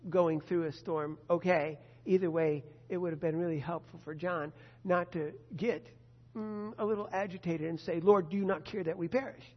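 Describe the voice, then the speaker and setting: Husky male preacher, conversational sermon. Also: fairly high pitch. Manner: conversational, rhetorical questioning, animated swings in loudness. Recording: muffled lo-fi recording in reverberant hall.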